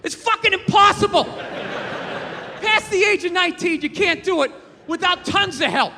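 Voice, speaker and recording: A man doing a stand-up routine on stage, ranting and shouting with lots of profanity. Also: extremely high pitch, moderate pace, big-room sound. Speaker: stand-up comedian. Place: comedy stage with live audience. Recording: live crowd audio with noise.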